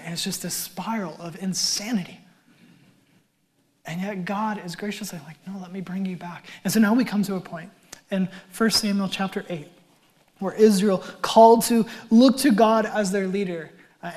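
A man's voice: high voice, darkish tone. Conversational male pastor preaching a sermon. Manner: conversational, wry asides, voice swells and drops to near whisper.

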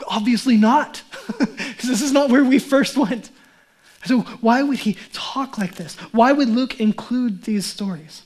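A man's voice: very high voice, a little slow, darkish tone. A man, a pastor, preaching a sermon in a conversational way, often asking and answering his own questions.

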